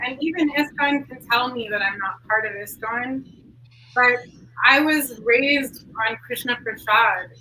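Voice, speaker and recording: A woman's voice: high-pitched, pushed and bright. A woman talking candidly as an interview guest, earnest and leaning on "like" as a filler. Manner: earnest, heavy use of "like" fillers. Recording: distant mic with faint noise.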